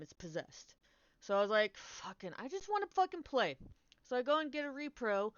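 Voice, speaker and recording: A young woman rambles animatedly through a story to her stream, swearing freely and cutting herself off mid-sentence in casual storytelling chat. Her smooth, resonant voice is mid-range with a fairly bright tone. The mic is dry and a little dull, with no echo, like lo-fi stream audio.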